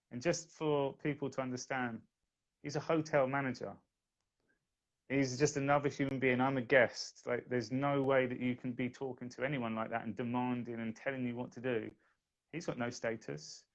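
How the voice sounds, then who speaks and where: A man telling a personal story in a casual podcast chat, quoting the people involved as he goes. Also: mid-range voice. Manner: recounts events plainly, quotes others. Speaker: guest. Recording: dull lo-fi audio.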